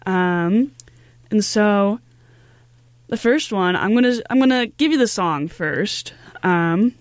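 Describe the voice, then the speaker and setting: A woman's voice: medium pitch, slow pace, no room sound. Upbeat female radio host, casual chat with fillers, dry close studio sound. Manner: chatty and upbeat, many fillers.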